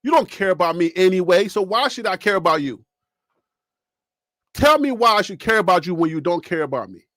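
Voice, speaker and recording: A man hosting a sports talk channel, talking straight to his viewers and chat in a lively, animated way and laughing often. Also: high-pitched, a little fast, no room sound, studio quality. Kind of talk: casual live-stream commentary.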